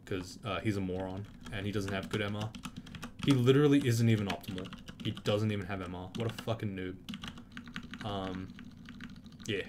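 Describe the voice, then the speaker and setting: Over a noisy background and loud keyboard clicks caught by the mic, a man with a lowish voice gives casual, profane let's-play commentary at a moderate pace, pausing often. He flares into indignant outbursts at enemies in the game.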